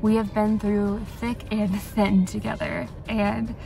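A young woman speaks in a flat, gravelly voice with little rise and fall. She records an earnest birthday message and keeps searching for the right words. Soft music plays underneath. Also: medium pitch, slow. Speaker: friend sending a birthday message.

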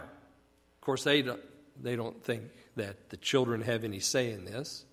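A man's voice: medium pitch, unhurried, a bit bright. A man casually teaching a Bible passage, explaining conversationally and asking rhetorical questions. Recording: long echoey reverb.

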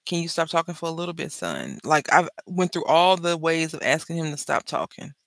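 A woman's voice: deep voice, a little fast, creaky, no room sound. A middle-aged woman, chatting and telling stories while she makes jewelry for her craft video. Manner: chatty storyteller, animated and joking. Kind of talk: casual chat while crafting.

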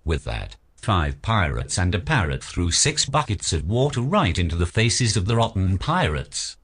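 Guy reading a kids' storybook, really low voice, kinda husky, lots of ups and downs. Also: big pitch swings, normal speed, fairly bright tone. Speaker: storybook narrator. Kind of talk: children's story read-aloud.

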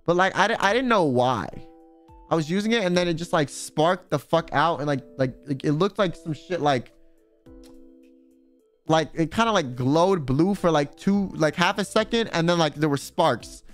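A man's voice: a little high, animated, normal speed, fairly bright tone, smooth, faint music behind. A man streaming in a casual chat, rambling and swearing freely, full of filler words. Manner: rambling, profane, full of "like" and "you know".

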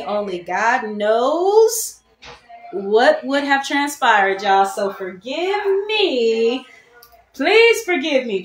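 A woman hosting a live online jewelry sale in a chatty, animated way, repeating key phrases and calling her viewers y'all. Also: a little high. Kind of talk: casual live-stream sales talk. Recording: echoey room.

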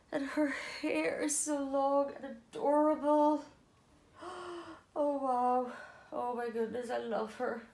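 This doll collector vlogger is a middle-aged woman with an Irish accent and a high, gravelly voice. Unboxing dolls in a casual chat, she gushes, gasps, and cries "oh my goodness" with delight.

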